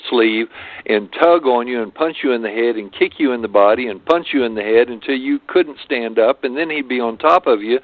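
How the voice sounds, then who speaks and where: An older man tells long stories as an interview guest, often pausing and restarting his sentences. His voice sits in a middle register. The sound is thin and boxy, like a telephone line. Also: mid-range voice. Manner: rambling, many hesitations and restarts. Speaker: martial arts guest. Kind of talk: storytelling interview. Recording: phone-like lo-fi line.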